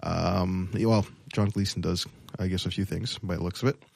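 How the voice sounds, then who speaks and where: A man with a lowish voice tells a story on a casual podcast, hesitant and full of ums. The sound is dry and close. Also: steady tone, normal speed, gravelly, darkish tone, dry recording. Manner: rambling, hesitant with many ums. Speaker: podcast co-host. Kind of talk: casual chat.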